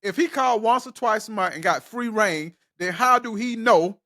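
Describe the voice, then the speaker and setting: A man's voice: high-pitched, moderate pace, sharp tone. A middle-aged man co-hosting a casual podcast, arguing his point emphatically and repeating it. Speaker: co-host, father figure.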